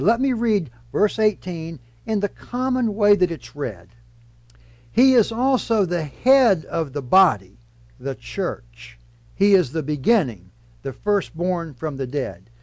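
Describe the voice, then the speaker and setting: High-voiced man preaching a measured sermon. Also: a little mellow, no echo. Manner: measured, emphatic teaching delivery. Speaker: pastor.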